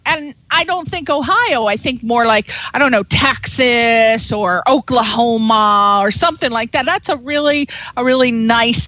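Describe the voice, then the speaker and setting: A woman hosting a radio interview show, animated and exclamatory as she asks questions. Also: high voice, muffled recording.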